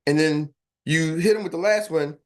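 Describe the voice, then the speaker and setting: A man's voice: on the high side, normal speed. A man leading a sales training session who acts out customer replies and keeps checking in with his audience. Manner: energetic, acts out customer replies, asks "are y'all with me?". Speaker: sales coach. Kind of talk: live sales training talk.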